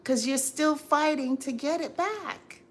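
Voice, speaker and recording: A woman's voice: high-pitched, slow, a little hiss or hum. Exasperated, preachy woman on a livestream. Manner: preachy, exasperated, repeats herself. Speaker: livestream host. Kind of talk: casual live chat, advice to viewers.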